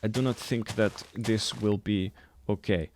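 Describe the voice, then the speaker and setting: A man playing a blunt, exasperated storyteller who speaks in broken English with deadpan delivery. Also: lowish voice, a little slow, noisy background, lightly acted. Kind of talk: comic character monologue.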